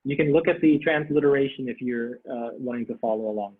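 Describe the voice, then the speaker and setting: A man teaching a Sanskrit class online, animated, repeating phrases and laughing as he explains. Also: mid-range voice, fast, breathy edge. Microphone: video call. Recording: tinny video-call audio.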